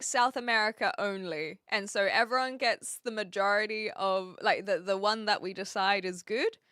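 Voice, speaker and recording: A woman's voice: on the high side, pushed and bright, no echo, clean studio sound. A young woman streamer chatting casually with her viewers, giggly and rambling, with frequent fillers. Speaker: live streamer.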